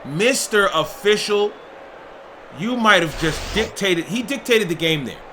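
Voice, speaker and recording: Speaking at normal speed in a high voice, a man narrates a football video game stream with excited play-by-play. He often shouts and openly objects to the officiating over a noisy background.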